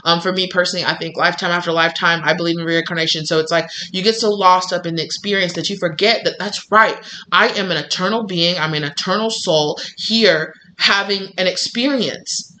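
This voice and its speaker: A woman tarot reader sharing a casual spiritual message, chatty and animated, full of "like" and "you know". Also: on the low side, a little fast, slight background noise, low-quality recording.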